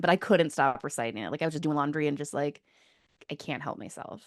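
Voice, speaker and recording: A woman's voice: sits low, quick pace, dry recording, clean studio sound. A woman co-hosting a casual sports podcast, joking and laughing as she chats. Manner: playful, joking, laughs often. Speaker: podcast co-host. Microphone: studio microphone.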